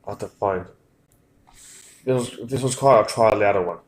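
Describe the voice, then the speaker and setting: A man's voice: fairly low pitch, moderate pace, poor audio. A man hosting a live stream, talking casually in an offhand, distracted way while he makes tea. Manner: offhand, distracted, talks while doing chores. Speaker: stream host.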